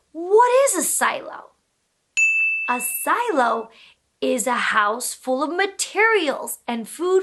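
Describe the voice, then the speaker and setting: A woman teaching young children, speaking slowly and in a sing-song way, switching between English and Spanish. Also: very high voice. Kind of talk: bilingual kids' lesson.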